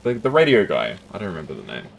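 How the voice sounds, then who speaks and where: A man's voice: sits low, huge pitch swings, fast talker, creaky, slight background noise. A man casually commentating his gameplay on a live stream, chatty and self-deprecating, laughing often.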